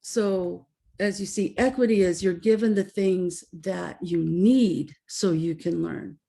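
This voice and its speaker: A middle-aged woman educator giving a talk, telling anecdotes with lively storytelling and acting out the voices she quotes. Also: fairly low pitch, slow, vocal fry. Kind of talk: presentation with anecdotes.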